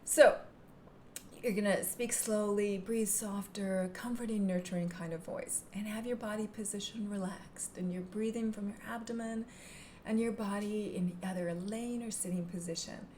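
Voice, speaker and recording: Calm woman teaching self-hypnosis. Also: medium pitch, moderate pace, a little hiss or hum. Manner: calm, gentle, drops into soft whispers to demonstrate. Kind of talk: instructional talk to camera.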